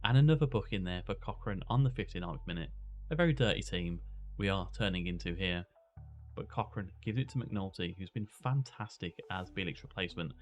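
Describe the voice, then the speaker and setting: A young man with a slightly low voice narrates his football management game like a match commentator. He gets excited as chances come and goes, then slows down to think through substitutions and tactics. Faint music plays quietly behind him. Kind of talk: gameplay commentary.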